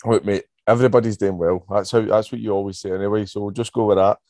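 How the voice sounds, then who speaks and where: Hungover Scottish man, dark and low. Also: fairly even intonation, quick pace, dry recording. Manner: sweary, joking banter. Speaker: podcast host. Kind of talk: casual sports podcast chat. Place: bedroom at home. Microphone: podcast microphone.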